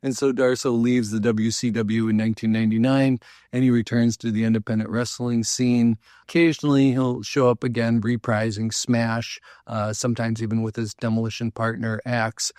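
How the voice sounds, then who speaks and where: A man hosting a local history show tells stories in a relaxed, rambling way, dropping in fillers and small jokes. His voice sits at an ordinary middle pitch. The recording is dry and close, with no room sound. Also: moderate pace, no room sound. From Minnesota, US. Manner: chatty, loose, frequent fillers and asides. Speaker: local history podcast host. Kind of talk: casual storytelling talk.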